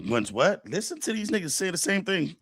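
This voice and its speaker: A man hosting a livestream, ranting in a profane, mocking way and swinging between loud outbursts and muttered asides. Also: high voice, very animated, brisk, dry recording, clean studio sound. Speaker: livestream host. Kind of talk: heated livestream rant.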